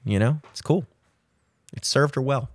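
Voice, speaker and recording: A young man hosting a solo podcast, telling a rambling, animated story with voiced asides. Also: medium pitch, measured pace, no room sound. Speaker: podcast host. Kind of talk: solo casual chat. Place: home studio.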